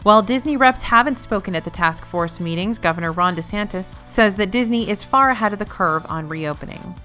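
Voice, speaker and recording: A woman's voice: mid-range voice, lively intonation, fairly quick, pushed and bright, soft background music. A woman hosting a weekly news roundup, reading in a news-anchor style with playful asides. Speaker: news host.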